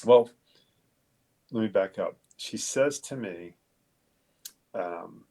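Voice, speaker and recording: A police detective telling a personal story in a halting, candid way, swearing casually. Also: male voice, on the low side, warm tone. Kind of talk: conversational storytelling.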